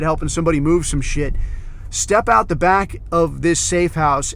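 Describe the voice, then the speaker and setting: A man's voice: high voice, fairly bright tone. A man hosting his own podcast, telling a long rambling story full of swearing and fillers. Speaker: podcast host. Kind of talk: casual rambling monologue.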